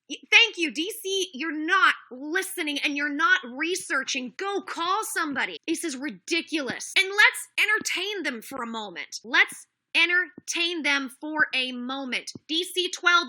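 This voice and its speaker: A woman with a high, very bright and sharp voice rants on her livestream, indignant and heated. She talks straight to her chat, repeating herself and calling out viewers by name. It sounds like a webcam or phone mic. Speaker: livestream host.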